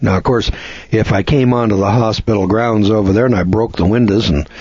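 A man's voice: lowish voice, steady tone, brisk, a little mellow, husky, dry recording. A man giving a rambling lecture in a blunt, scornful manner, often restarting his sentences. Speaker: seminar lecturer. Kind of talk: folksy lecture. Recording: dull lo-fi recording.

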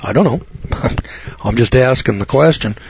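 A man's voice: mid-range voice, animated, unhurried, vocal fry, a little hiss or hum. Older man ranting on talk radio. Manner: folksy, ranting, rises to loud emphatic peaks. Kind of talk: preachy talk radio monologue. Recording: dull dry lo-fi recording.

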